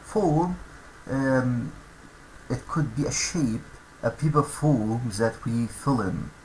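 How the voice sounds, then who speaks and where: A man's voice: mid-range voice, a little hiss or hum, rough recording. A man teaching English vocabulary to schoolchildren, saying each word twice and explaining it. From Egypt. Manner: slow, repeats each word aloud for learners.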